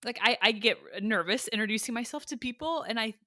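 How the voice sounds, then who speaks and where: A woman's voice: fairly high pitch, fairly quick, bright, forceful tone, no echo, studio quality. A woman hosting a casual interview, agreeable and reflective, chiming in and laughing along. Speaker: host.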